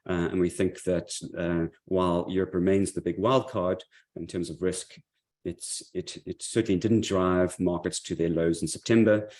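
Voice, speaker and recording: A man's voice: low voice, little pitch movement, normal speed, darkish tone. A man giving a monthly market update, speaking loosely with many fillers and restarts. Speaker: market commentary presenter.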